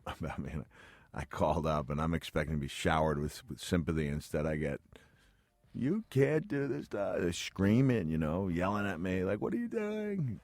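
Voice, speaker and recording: Deep-voiced middle-aged man, chatty storyteller. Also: darkish tone, dry recording. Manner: chatty, self-deprecating, laughs often. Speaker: guest, retired pro wrestler. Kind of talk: radio interview storytelling. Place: radio studio. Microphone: studio mic.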